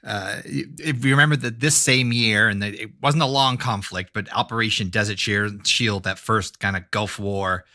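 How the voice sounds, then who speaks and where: A man co-hosting a casual podcast, friendly and measured. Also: on the low side, bright, forceful tone, no room sound, studio quality. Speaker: podcast co-host. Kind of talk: casual chat.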